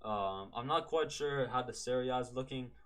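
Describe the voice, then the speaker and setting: A man's voice: mid-range voice, normal speed. A man from Canada hosting a football podcast alone, chatting casually, rambling, correcting himself and saying "man" often. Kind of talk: casual solo podcast chat.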